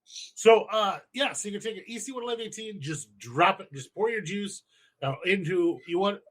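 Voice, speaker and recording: A man's voice: high voice, animated, normal speed, a bit bright. A man co-hosting a podcast, chatting casually and profanely, rambling through home brewing steps with emphatic swearing. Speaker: podcast co-host.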